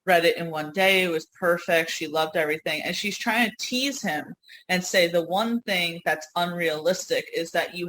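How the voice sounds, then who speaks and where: A woman from Yonkers with a New York accent, co-hosting a podcast in rambling, animated casual chat. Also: fairly low pitch, a little hiss or hum, rough recording. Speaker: podcast co-host.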